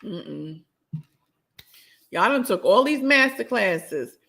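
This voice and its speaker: A woman's voice: fairly low pitch, moderate pace, vocal fry. A woman hosting her own podcast, ranting bluntly and sassily in a solo show while answering her live chat. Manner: blunt, sassy, repetitive ranting. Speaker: podcast host.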